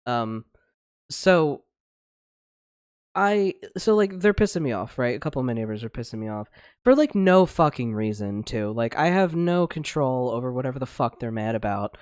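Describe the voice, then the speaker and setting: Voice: mid-range voice, very animated, moderate pace, a little mellow, clean tone, no echo, studio quality. A podcast co-host ranting in a heated, blunt way with plenty of swearing during a casual discussion. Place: livestreamed online podcast.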